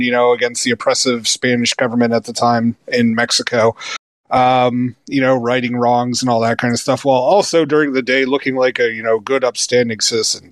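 A man in his thirties, a game reviewer and podcast co-host, chats casually about a video game. His voice is mid-range with no room sound, and he rambles with plenty of fillers and restarts, laughing easily.

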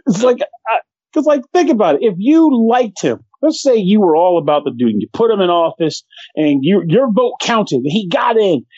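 Animated, high-voiced swearing podcast man. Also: normal speed, breathy edge, no echo, lo-fi sound. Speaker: podcast co-host. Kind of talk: casual ranting chat.

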